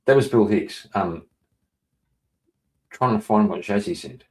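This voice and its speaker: A man streaming live, chatting casually and reading out viewer messages. He rambles, swears, laughs often and breaks into sudden loud, excited outbursts. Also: fairly low pitch, a little slow. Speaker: livestreamer.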